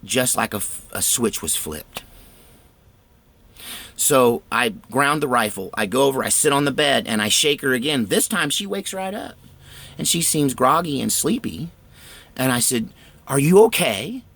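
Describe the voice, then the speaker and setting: A man's voice: mid-range voice, animated, measured pace, gravelly, a bit bright. A man earnestly recounting a frightening personal experience in a tense, fervent way. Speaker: storyteller. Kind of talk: personal storytelling.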